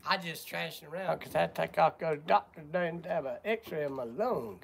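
Gravelly older Southern man, coughing. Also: fairly high pitch, fairly quick, background noise. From Georgia, USA. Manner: folksy, drawling, chatty. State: coughing, sore lungs. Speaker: livestream host. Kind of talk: casual live chat greeting viewers. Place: outdoors on a porch work site.

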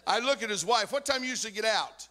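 A man, preaching a sermon as a guest speaker, telling stories with animation and rising to shouts. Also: sits high, animated, fast, big-room sound. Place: church sanctuary.

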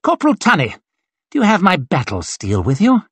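A man's voice: sits high, huge pitch swings, fairly quick, breathy edge, no room sound, pitched above the performer's own voice, heavily acted. A man reading an audiobook, voicing an arrogant, sneering male colonel and swordsman with a mocking, condescending drawl.

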